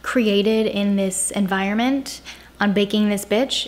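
A woman's voice: medium pitch, steady tone, slow, reverberant. A young adult woman hosting a casual home cooking vlog, sarcastic and self-mocking as she talks through the recipe. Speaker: cooking vlogger. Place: home kitchen.

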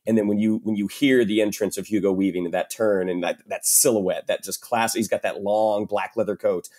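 A man's voice: on the low side, steady tone, a little fast, a little mellow. A man guesting on a film podcast, talking thoughtfully with fillers. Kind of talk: casual film discussion.

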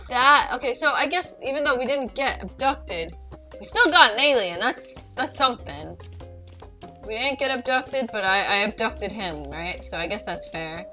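A woman hosting a gaming channel, giving excitable, swear-filled commentary on her own gameplay with sudden squeals. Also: on the high side, moderate pace, soft background music. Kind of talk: let's play commentary.

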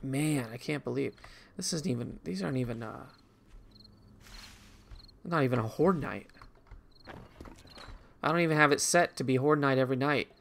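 A man's voice: mid-range voice, moderate pace, creaky, long pauses, a bit bright, a little hiss or hum. A man telling a rambling, reflective childhood story in casual conversation while commenting on a video game he is playing. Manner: rambling and reflective, with frequent restarts and asides to the game. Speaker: gaming channel host.

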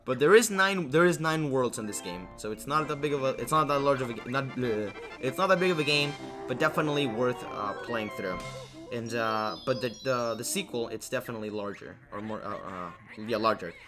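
Over music, a young man with a mid-range voice talks a little fast and with animation as he hosts a let's play. He comments casually on the game, rambling, restarting, using lots of fillers and joking about himself.

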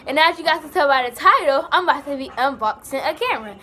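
Bubbly high-voiced young woman vlogger. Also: quick pace, a little hiss or hum. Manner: excited, bubbly, chatty. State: out of breath. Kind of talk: casual vlog chat.

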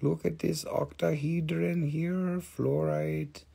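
A man with an Appalachian American accent hosting a casual live crystal sale, chatty and excitable, swearing and reading out buyer claims. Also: a little high, slow, creaky, husky. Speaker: live-stream crystal seller.

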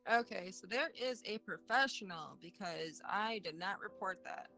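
A woman's voice: mid-range voice, lively intonation, normal speed, sharp tone, faint music behind. A woman playing a game with friends, eagerly working out plans and calling teammates. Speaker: player. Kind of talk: casual gaming chat.

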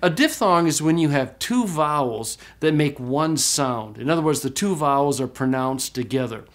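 A man teaching a recorded class, explaining step by step, often checking in with "okay?", and slowing way down to model pronunciations. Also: on the high side, animated, fairly bright tone. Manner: slow, drawn-out demonstration of pronunciations. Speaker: Greek teacher.

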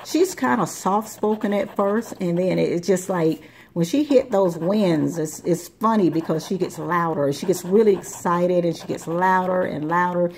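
A woman's voice: on the low side, normal speed, darkish tone, a little hiss or hum. A woman hosting a lottery scratch-off video, chatting casually and rambling as she scratches. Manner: chatty, rambling, repeats words. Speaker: lottery scratch-off channel host. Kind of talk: casual chat while scratching tickets.

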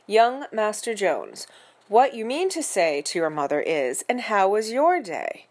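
A woman puts on a haughty, stiff-backed butler from a children's storybook, who lays out each ornate phrase slowly and precisely. His voice sits at a middling pitch, and he keeps an unbending, formal politeness. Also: very animated. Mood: stiffly formal. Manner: formal, measured, slow and precise diction. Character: stiff, pompous middle-aged male English-style butler.

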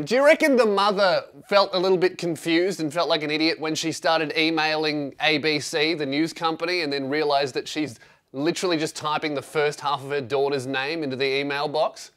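A young Australian man doing sarcastic comedic commentary, swearing and animated. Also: on the high side, a little fast. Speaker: comedian, host.

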